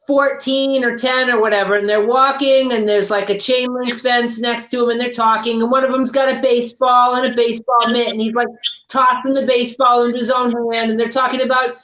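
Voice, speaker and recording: High-pitched man from Maine, echoey. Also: pushed and bright. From Maine, USA. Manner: wry storyteller, acts out quotes. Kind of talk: casual chat. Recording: echoey, dull lo-fi stream audio.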